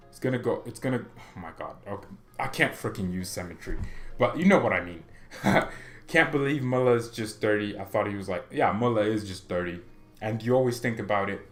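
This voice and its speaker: A young man hosting a fan channel, giving a rambling, opinionated football monologue in an animated way. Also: on the low side. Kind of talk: casual football commentary monologue.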